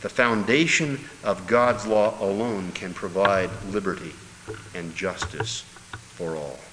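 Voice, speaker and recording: A man preaching a sermon with emphatic delivery, dropping low and then bursting into loud exclamations. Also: takes it slowly. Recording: hall reverb with faint noise.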